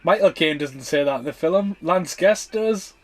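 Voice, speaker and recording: A man's voice: a little high, lively intonation, unhurried. Sweary man giving blunt film commentary. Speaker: podcast host.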